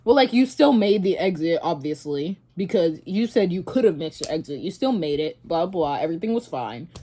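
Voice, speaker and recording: Rambling young woman, low and mellow. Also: normal speed, breathy edge. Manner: rambling, animated retelling with many fillers and restarts. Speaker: vlogger. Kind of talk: casual storytime and reaction.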